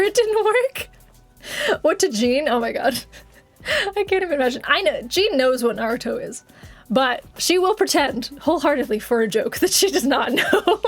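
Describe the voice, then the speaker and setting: High-voiced woman chatting on a livestream. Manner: rambling, giggly, swears casually. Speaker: streamer. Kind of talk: casual livestream chat.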